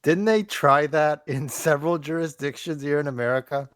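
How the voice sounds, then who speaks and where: A man from Minnesota co-hosts a casual podcast and trades crude, joking comebacks. His voice sits high for a man. The recording is dry and close. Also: fairly even intonation, normal speed, no room sound.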